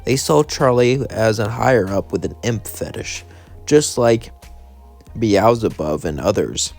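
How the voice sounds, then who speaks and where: A man's voice: fairly low pitch, expressive, a little slow, gravelly, a little mellow. Man, casual story narration, rambling, hesitant, faint music behind. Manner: rambling, hesitant with "well" and "as then". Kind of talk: casual fan-fiction storytelling.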